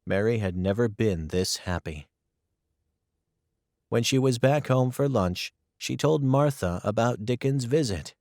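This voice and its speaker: A man narrating a simplified storybook for learners, clear and careful. He reads slowly with a lively, rising and falling voice, recorded close with no room sound. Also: medium pitch, dry recording. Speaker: audiobook narrator. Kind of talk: graded-reader audiobook narration.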